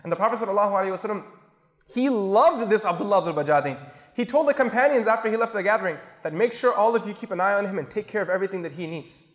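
A man's voice: high voice, expressive, very fast, a bit bright, big-room sound. A man telling a story in an impassioned sermon, repeating phrases for emphasis. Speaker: preacher.

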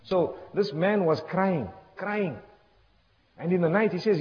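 A man's voice: high-pitched, slow pace. A man preaching a storytelling sermon, impassioned and repetitive, sprinkling in religious phrases. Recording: echoey hall, dull lo-fi sound.

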